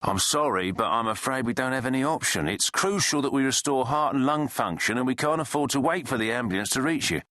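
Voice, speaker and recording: A man voicing a male paramedic on the phone who speaks calmly and reassuringly. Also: medium pitch, brisk, few pauses, no echo, studio quality, pitched above the performer's own voice. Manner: calm, reassuring.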